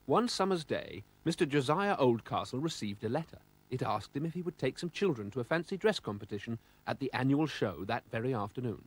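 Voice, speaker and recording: A man narrating a children's storybook in an expressive, animated way. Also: mid-range voice, brisk, hardly any pauses, background noise.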